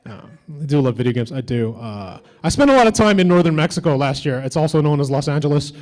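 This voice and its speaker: A man's voice: on the high side, lively intonation, quick pace, poor audio. A man doing a stand-up comedy set on a convention stage, with edgy, teasing banter toward the crowd.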